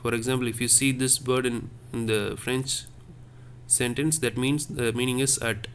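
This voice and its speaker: A man's voice: mid-range voice, steady tone, normal speed, fairly bright tone, a little hiss or hum. A man teaching a lesson on French accents, explaining patiently and repeating each point step by step.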